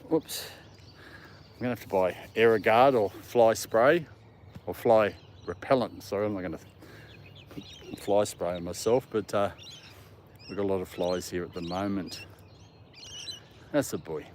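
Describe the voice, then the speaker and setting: Walking his dog through a park, a vlogger chats casually on a live stream and talks to the dog. His voice is fairly low and darkish, measured in pace with long pauses, over faint outdoor background noise.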